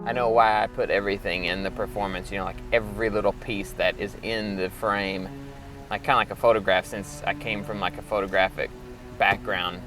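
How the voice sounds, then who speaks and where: A man's voice: fairly low pitch, level tone, fairly quick, over music. A young man from Arkansas talking about his art in a loose, rambling documentary interview, full of filler words. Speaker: performance artist.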